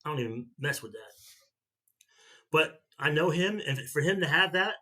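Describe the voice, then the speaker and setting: A man's voice: a little high, expressive, normal speed, bright, forceful tone. A man in his fifties chatting casually on his vlog, a rambling storyteller who often repeats and restarts himself. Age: 50s. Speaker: vlogger. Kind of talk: casual chat.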